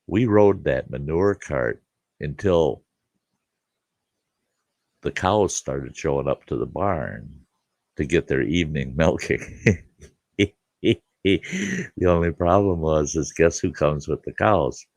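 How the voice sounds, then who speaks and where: A man's voice: extremely low pitch, lively intonation, takes it slowly, creaky, pauses often, darkish tone, no echo. A middle-aged man telling a rowdy childhood farm story in a folksy, casual way, often laughing as he talks. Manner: folksy, laughs through his own tale. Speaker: storyteller host.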